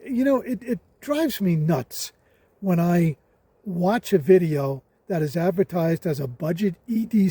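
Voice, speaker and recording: An older man with a high, husky voice talks about a budget knife while out on a hiking trail. He speaks casually and with emphasis, often repeating a word for stress. His tone is mellow and the sound is dry. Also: dry recording. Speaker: hiking vlogger. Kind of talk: casual outdoor gear review.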